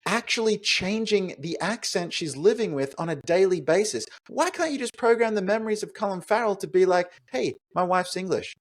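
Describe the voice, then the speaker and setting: Animated man riffing on a movie. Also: high voice, brisk, few pauses. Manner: animated, rhetorical, thinks aloud with fillers. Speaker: podcast co-host. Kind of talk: casual movie review chat.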